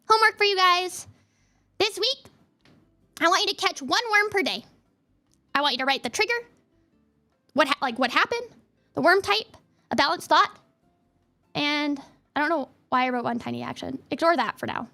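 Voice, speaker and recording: A young woman chats to her viewers on a livestream, rambling and heartfelt, with plenty of "like" fillers. Her voice sits very high and sounds bright and sharp. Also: lively intonation, moderate pace, pauses often. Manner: rambling and emotional, many "like" fillers. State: teary, near crying. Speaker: VTuber streamer. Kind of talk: casual livestream chat.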